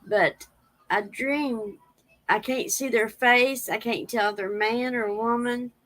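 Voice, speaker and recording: A woman's voice: on the high side, fairly even intonation, takes it slowly, a bit bright, rough recording. A woman, rambling in a casual livestream chat and reading viewer comments aloud. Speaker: livestream host.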